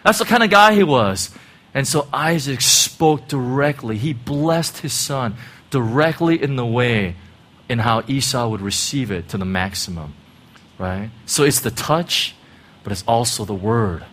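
A man's voice: mid-range voice, lively intonation, a little slow, a bit bright. A middle-aged man preaching a sermon in a conversational way, often checking in with "right?" and "you know". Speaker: pastor.

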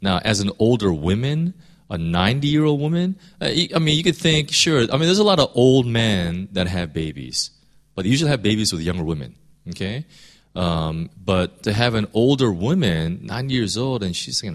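A man's voice: lowish voice, lively intonation, moderate pace, fairly bright tone. A man preaching a casual, conversational sermon, full of fillers, restarts and rhetorical questions to the listeners. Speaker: pastor.

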